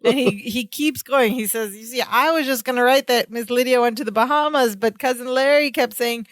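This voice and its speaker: A woman's voice: fairly high pitch, brisk, no room sound. A woman co-hosting a podcast, chatting casually as she retells a sitcom episode and acts out the characters' lines. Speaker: podcast co-host.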